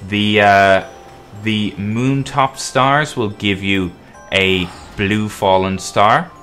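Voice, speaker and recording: A man hosting a game guide video, explaining relaxed and casually as he plays. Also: on the low side, drawn-out words, soft background music. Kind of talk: casual gameplay walkthrough commentary.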